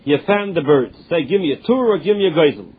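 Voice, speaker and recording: A man whose voice is a little high and breathy teaches a Talmud class at a quick, animated pace. He reads each line, translates and explains it in English, and restarts frequently, over tinny phone-line audio.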